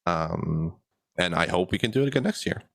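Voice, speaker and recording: A young man co-hosting a podcast in a relaxed, chuckling chat full of fillers. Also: low-pitched, fairly quick, creaky, no room sound. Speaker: podcast co-host and editor.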